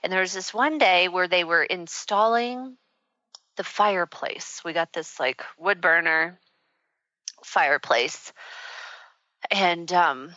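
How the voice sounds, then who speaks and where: A woman's voice: fairly low pitch, slow pace, long pauses, sharp tone, no room sound. A woman hosting a radio talk show, telling a personal story in a rambling, candid way with many fillers. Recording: dull, muffled radio audio.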